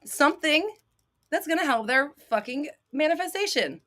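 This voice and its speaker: A woman hosting a live stream as a manifestation coach, talking bluntly and sassily with plenty of swearing, sometimes flaring into a shout and then laughing it off. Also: high voice, lively intonation, normal speed. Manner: blunt, profane and sassy. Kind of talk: live-stream advice talk.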